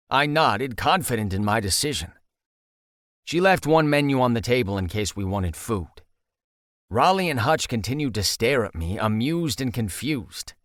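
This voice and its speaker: A man's voice: medium pitch, animated, moderate pace, fairly bright tone, no echo, studio quality. A man narrating a first-person audiobook in a wry, conversational storytelling manner.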